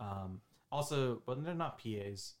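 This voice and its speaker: Animated, swearing young man chatting. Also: mid-range voice, unhurried. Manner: animated storytelling, swears often. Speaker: podcast guest. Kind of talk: casual chat.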